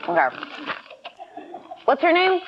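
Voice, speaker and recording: A woman comedian on a panel, delivering crude jokes in a dry, deadpan way. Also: very high-pitched, slow. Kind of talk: comedic advice segment. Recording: muffled broadcast audio with faint hiss.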